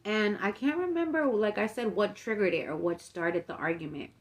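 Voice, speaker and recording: A woman's voice: medium pitch, moderate pace. Young woman, casual storytime vlog, chatty, profane, lots of fillers. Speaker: vlogger.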